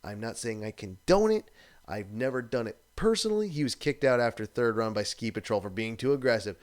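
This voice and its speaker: A man hosting a live stream, talking in a loose, fired-up rant full of swearing. His voice sits at an ordinary middle pitch and he jumps between grumbling and outraged exclamations. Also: brisk. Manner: animated, profane, exasperated ranting.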